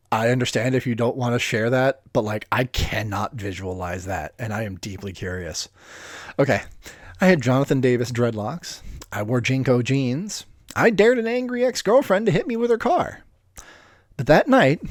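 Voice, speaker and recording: A man's voice: mid-range voice, no room sound, studio quality. A man reading a story aloud with a casual, profane, self-deprecating manner and offhand asides. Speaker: reader of stories.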